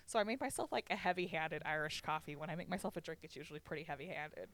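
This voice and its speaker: A young woman with a deep, fairly bright voice talks fast while co-hosting a podcast. She tells stories in casual conversation, swearing often and laughing a lot.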